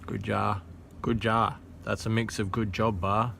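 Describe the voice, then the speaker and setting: A man's voice: lowish voice, little pitch movement, measured pace, gravelly, a bit bright, slight background noise. An Australian man who is sick with a sore throat chats casually while working under a car, full of dry, joking sarcasm. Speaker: home mechanic vlogger.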